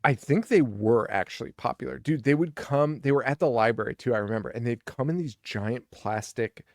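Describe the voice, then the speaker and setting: A young man with a gravelly edge to his mid-range voice, co-hosting a horror movie podcast. He recaps scenes in loose, profane chat and acts out the characters' lines. His mic sound is close and dry. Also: mid-range voice, fairly quick, no echo. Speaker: podcast co-host. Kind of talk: casual movie-review chat.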